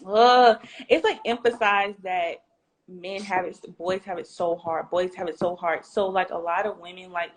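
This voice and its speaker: A woman's voice: fairly low pitch, moderate pace. A young woman co-hosting a podcast in frank, casual chat, telling stories and acting out what people said. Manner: frank, animated storytelling with quoted voices. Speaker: podcast co-host.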